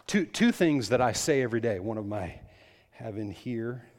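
A pastor preaching a sermon, emphatic and repetitive, building up in volume on key lines and dropping to quiet asides. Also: male voice, medium pitch, expressive, moderate pace. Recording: long hall reverb.

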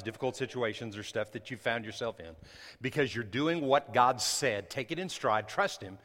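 During a church service, a male pastor preaches conversationally, erupting in sudden loud bursts and adding apologetic asides. His mid-range voice moves at a moderate pace, with a long reverb tail.

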